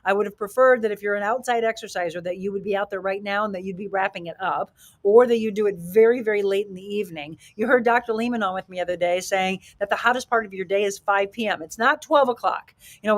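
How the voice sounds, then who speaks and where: A woman hosting a talk radio show as a fitness and life coach, speaking in an emphatic, energetic motivational style and acting out quotes. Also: fast talker. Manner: emphatic, energetic, acts out quotes with rising pitch.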